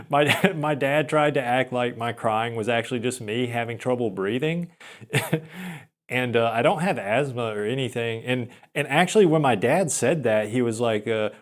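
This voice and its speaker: A man's voice: mid-range voice, measured pace. A young man telling a long personal story in casual chat, rambling and self-deprecating, with frequent restarts and small laughs. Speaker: podcaster.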